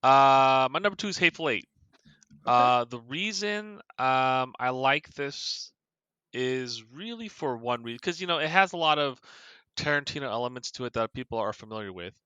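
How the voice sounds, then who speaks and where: A man's voice: medium pitch, expressive, moderate pace, pushed and bright, clear, resonant tone, dry recording, dull audio. A man co-hosting a podcast, explaining his movie pick in a rambling way with many fillers. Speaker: podcast co-host. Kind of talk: casual chat.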